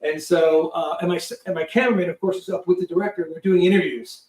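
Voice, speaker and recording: A man guest telling a story in a casual, animated way, acting out quotes and swearing freely. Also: sits high, fast. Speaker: guest, film producer. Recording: roomy sound from a distant mic.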